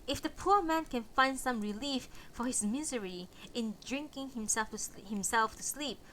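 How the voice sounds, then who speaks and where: A woman voicing a tired grown son, an evangelist, who speaks in a flat, worn-out voice. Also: fairly high pitch, moderate pace, a little hiss or hum, lightly acted, low-quality recording. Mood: weary.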